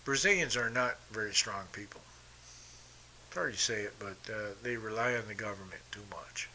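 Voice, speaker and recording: A man's voice: fairly low pitch, normal speed, pushed and bright, slight background noise. A middle-aged man hosting a podcast, telling stories in a blunt, profane, combative way. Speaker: podcast host. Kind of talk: casual storytelling monologue.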